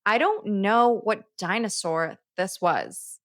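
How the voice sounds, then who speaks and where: A woman hosting her own self-help podcast, telling a personal story in an animated way and laughing at herself as she goes. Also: medium pitch, slow pace, no room sound, studio quality. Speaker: podcast host.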